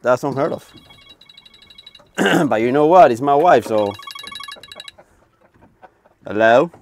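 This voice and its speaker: A man filming his fishing trip on a small boat far offshore, talking casually and exclaiming loudly over each catch. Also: medium pitch, animated, takes it slowly, a little hiss or hum. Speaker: fishing vlogger. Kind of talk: excited casual commentary.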